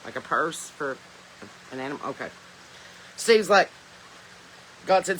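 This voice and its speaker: A woman's voice: sits low, expressive, moderate pace, long pauses, a bit bright, a little hiss or hum, poor audio. A woman podcast host with a Southern American accent, chatting casually and joking while reading viewer comments, laughing often. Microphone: phone.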